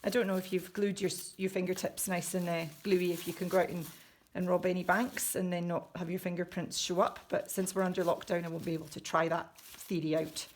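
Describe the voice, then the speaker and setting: A woman's voice: lowish voice, level tone, a little fast. A woman at home walking children through a craft, chatty and jokey, narrating each step as she works. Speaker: children's book author leading a craft.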